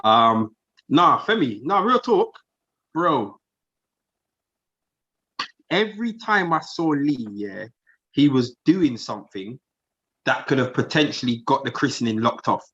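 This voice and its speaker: A man's voice: medium pitch, animated, takes it slowly, long pauses, a bit bright. A man from telling a rambling story in casual podcast chat. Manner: rambling, repeats himself while telling a story. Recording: dull lo-fi podcast audio.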